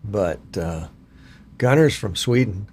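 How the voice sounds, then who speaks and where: An older man from Virginia hosts a relaxed live stream, greeting viewers and chatting in a homespun, self-deprecating way. His voice sits on the low side. A faint hum of noise runs beneath it. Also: slow, gravelly.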